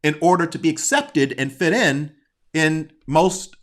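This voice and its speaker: Earnest, halting man with a higher voice. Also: animated, fairly bright tone. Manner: earnest, halting, with many restarts. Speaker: discussion guest. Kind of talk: casual conversation.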